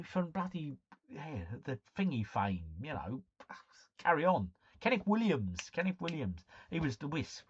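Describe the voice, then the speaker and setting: Husky, middle-aged, matey stream host, dry close sound. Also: male voice, mid-range voice, fairly bright tone, dry recording. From United Kingdom. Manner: chatty, matey, reads and answers chat comments. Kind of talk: casual live-stream chat. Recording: dull lo-fi stream mic.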